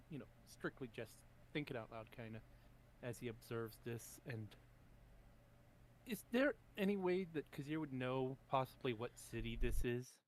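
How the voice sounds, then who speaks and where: A man's voice: mid-range voice, slight background noise. A man playing in a tabletop game over voice chat, hesitant and full of questions. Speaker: player. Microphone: online voice call.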